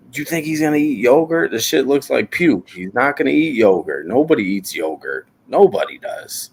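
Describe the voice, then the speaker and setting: Very deep-voiced man, rambling and joking. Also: animated, moderate pace. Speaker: podcast guest. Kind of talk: casual chat.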